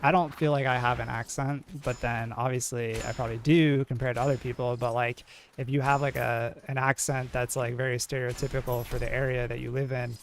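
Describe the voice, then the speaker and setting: Male game streamer, New England accent, mellow and laid-back, mid-range voice, casual chat. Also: medium pitch, brisk, slight background noise. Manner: mellow, monotone, many "like" fillers.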